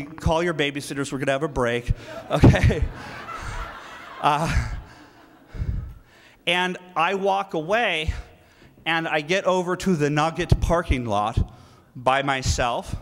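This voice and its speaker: A man giving a live speech at a political rally, telling a story in an emphatic, animated way. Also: a little high. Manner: animated, emphatic, breaks into laughter, acts out quoted lines. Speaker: guest speaker at a political rally. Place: large event hall. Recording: reverberant hall with faint noise.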